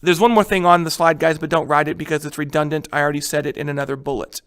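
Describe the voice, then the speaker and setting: A man's voice: on the high side, fairly even intonation, fast, fairly bright tone, clear, resonant tone. A man teaching a recorded history lecture in a casual way, with many fillers and frequent check-ins with students.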